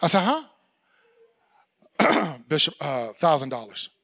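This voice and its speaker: A middle-aged man preaching a sermon as pastor, telling a story, acting out the people in it and shouting for emphasis. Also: a little high, sing-song, a little slow.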